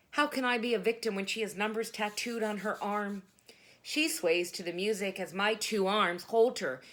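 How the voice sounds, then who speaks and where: Woman performing dramatic spoken word. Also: mid-range voice. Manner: dramatic, emphatic, with sudden loud bursts.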